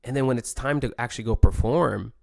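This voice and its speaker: A man's voice: medium pitch, quick pace, gravelly, a little mellow, no echo, clean studio sound. A man talking casually and reflectively, full of laid-back surfer slang and fillers. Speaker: pro surfer podcaster.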